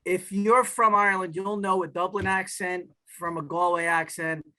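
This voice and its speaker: A man's voice: sits high, fairly even intonation, normal speed, pushed and bright. A man from the New York/New Jersey area, an actor guest telling stories in casual interview chat, often stumbling over his first words. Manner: storytelling, repeats words when starting sentences.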